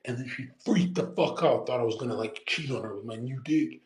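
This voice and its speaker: A man's voice: medium pitch, brisk, a little mellow, roomy sound. A man in his twenties ranting crudely in casual chat as a streamer, acting out quoted voices. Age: 20s.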